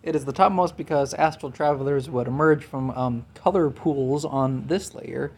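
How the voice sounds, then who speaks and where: A man's voice: mid-range voice, moderate pace, darkish tone, husky. A young man co-hosting a casual podcast chat, jokey and loose, laughing often. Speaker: podcast co-host.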